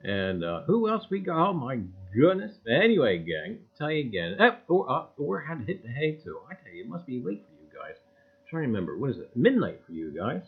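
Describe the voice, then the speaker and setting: A man's voice: medium pitch, sing-song, fairly quick, slightly rough. A middle-aged man hosting a casual livestream, greeting viewers by name in a folksy, rambling way and often saying "I tell you what". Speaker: livestream host. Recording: tinny phone-like audio.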